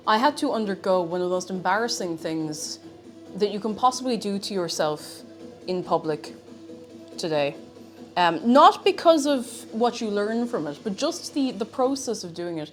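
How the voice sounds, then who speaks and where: A woman streamer chatting casually while cooking, playful and talkative, her voice a little crackly after being sick. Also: mid-range voice. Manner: chatty and playful, bursts into silly singing. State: slightly crackly voice after illness.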